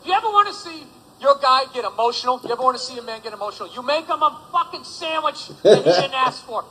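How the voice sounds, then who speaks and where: A man's voice: very high-pitched, expressive, quick pace, pushed and bright, husky, low-quality recording. A man doing a stand-up routine, ranting with profanity and sarcasm. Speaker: stand-up comedian.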